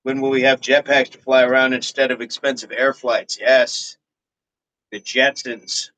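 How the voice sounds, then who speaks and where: A man's voice: medium pitch, flat delivery, a little slow, bright, forceful tone, low-quality recording. A man hosting a fitness livestream in casual chat, reading viewer comments in a laid-back, rambling way and chuckling often. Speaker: fitness channel host.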